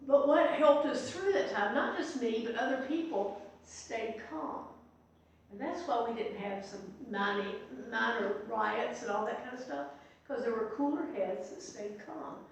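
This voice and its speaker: With a fairly high voice and a measured pace, a middle-aged woman pastor guides an informal Bible study, conversational and prone to asides and restarts. The recording comes from far away in an echoey church meeting room.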